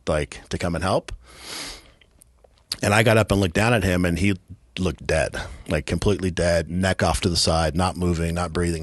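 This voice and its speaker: A man from California with a very low voice tells a rough story flatly and bluntly as a podcast guest, swearing casually. The recording is dry and close, with no room sound around him. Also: no room sound. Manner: blunt, profane, matter-of-fact storytelling with streetwise grammar. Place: podcast studio.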